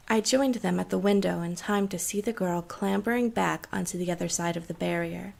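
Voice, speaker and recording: Lady narrating a creepy story, lowish voice with heavy vocal fry, calm and measured. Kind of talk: scripted horror story narration.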